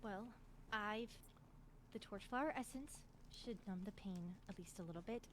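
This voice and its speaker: A woman's voice: medium pitch, normal speed, fairly bright tone, slight background noise. A woman improvising a healer in a roleplay, anxious and apologetic, stammering and repeating herself. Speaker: roleplay streamer playing a healer.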